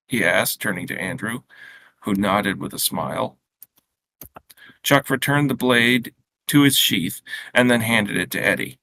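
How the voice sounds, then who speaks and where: A man reading his own short story aloud in a steady, unhurried way, with small slips and restarts. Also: lowish voice, vocal fry, slight background noise.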